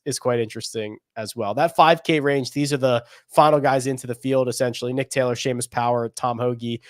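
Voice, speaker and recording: A man's voice: mid-range voice, dry recording. Podcast guy rambling about golf picks, dry close mic, goes up and down a lot. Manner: animated, rambling, laughs while talking. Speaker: podcast co-host. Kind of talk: casual golf betting chat.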